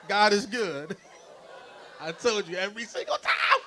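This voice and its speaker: A man doing a stand-up comedy set, loud and animated, working the crowd between bits. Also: sits high, a little slow, long pauses, slight background noise. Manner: loud, animated crowd work with frequent laughs. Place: stage before a live audience.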